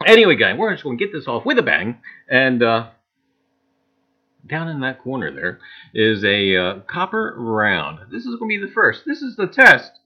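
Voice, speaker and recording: A man's voice: mid-range voice, huge pitch swings, moderate pace. A man with a New Jersey accent hosting a live stream, greeting chat viewers by name with lots of "uh"s. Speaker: livestream host. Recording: dull lo-fi stream audio.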